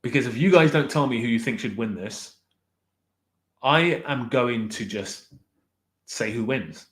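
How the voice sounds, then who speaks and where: A man talks loosely to a live chat. He rambles, stops to correct himself and jokingly complains that his viewers have left him to decide. His pitch sits in the ordinary middle range. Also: a little slow. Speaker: streamer ranking directors with live chat. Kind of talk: casual livestream chat.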